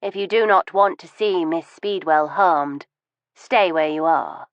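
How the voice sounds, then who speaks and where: A woman's voice: unhurried, no room sound, highs cut off. A woman voicing a cold, bitter middle-aged wife who holds a gun, speaking icily with wounded resentment. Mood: menacing. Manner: icy and commanding, turning wounded and shrill. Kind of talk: audiobook reading.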